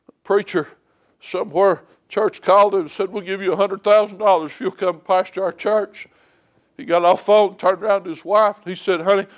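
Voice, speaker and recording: A man preaching a sermon in a church, plain-spoken and folksy, telling homespun stories. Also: high-pitched. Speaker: lay preacher. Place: church sanctuary.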